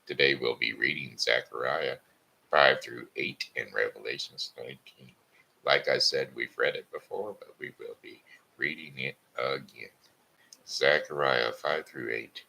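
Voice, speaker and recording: A man hosting a live show, stuffy from sinus trouble, reading a story and scripture aloud in a slow, halting way. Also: very deep voice, creaky, bright, forceful tone, slight background noise, poor audio. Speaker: host of a live blog show.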